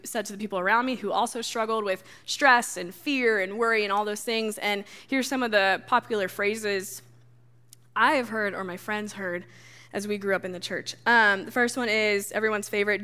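A woman's voice: mid-range voice, normal speed, pushed and bright. A young woman giving a sermon to a church gathering, talking casually with dry, sarcastic humor. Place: stage before a live audience.

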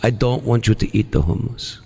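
A man's voice: fairly low pitch, expressive, fairly quick, creaky, warm tone, breathy edge, long reverb tail, faint music behind, voice pushed down, full character voice. A man voicing a mysterious male love guru with an Eastern European accent who gives solemn, odd advice on a radio show. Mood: advising.

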